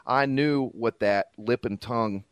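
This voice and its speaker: A man's voice: mid-range voice, a little slow, smooth, no room sound. A man co-hosting a casual podcast chat, easygoing, with chuckling asides. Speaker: podcast co-host.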